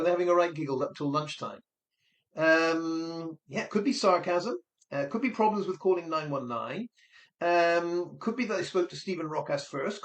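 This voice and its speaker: A man with a somewhat high voice talks through his theories in a speculative, musing commentary monologue. He often hedges his points and slips into brief impressions of other people. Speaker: online commentator.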